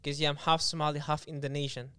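A man's voice: on the high side, flat delivery, bright, forceful tone, clean tone, no room sound. A young man in casual chat, telling a story in one rush of words. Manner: rapid, run-on telling.

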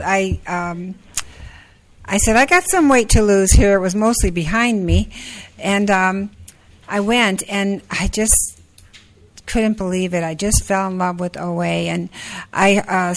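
A woman in her sixties sharing her story at a support group meeting, halting, with many fillers and restarts. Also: medium pitch, rough recording. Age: 60s. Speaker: meeting speaker.

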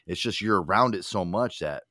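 A low-pitched man with a lively, swinging delivery, hosting a talk show in loose, profane chat. He rambles and restarts his sentences. The sound is dry and close on the mic. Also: fairly quick, dry recording. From Connecticut. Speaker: radio show host. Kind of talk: casual chat.

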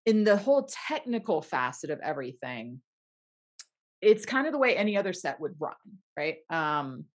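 A woman's voice: low voice, big pitch swings, normal speed. A young woman actor telling an audition story in a casual interview, laughing often and acting out what people said. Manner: bubbly, laughs often, acts out quotes. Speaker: actor guest.

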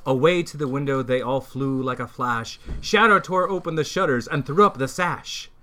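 A man's voice: medium pitch, moderate pace, pushed and bright. A man reading a fan story aloud casually, at times stopping to correct himself. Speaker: reader.

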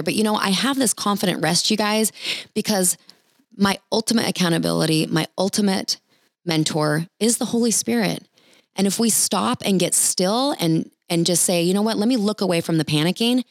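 A woman's voice: medium pitch, normal speed, creaky, dry recording. A woman ministry leader giving an encouraging talk with prayer, earnest and chatty, speaking straight to the listeners.

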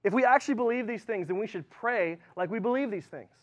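A man preaching a sermon in a relaxed, chatty way, full of fillers and restarts. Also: sits high, fast. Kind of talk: casual sermon.

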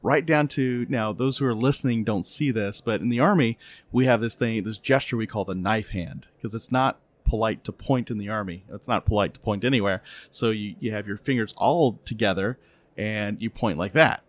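A man's voice: lowish voice, normal speed, no room sound. A middle-aged man hosting a podcast, chatting casually and telling stories with plenty of fillers. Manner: storytelling, animated when laughing, filler-heavy. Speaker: podcast host. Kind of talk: casual interview chat.

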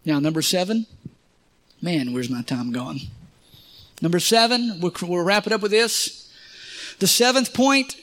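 A pastor with a twang delivers a sermon in a high, ringing voice. He preaches emphatically, pushing up into louder peaks and easing back into homespun asides to his congregation. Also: lively intonation, a little slow, long pauses. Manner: emphatic preaching with rising shouts and folksy asides.

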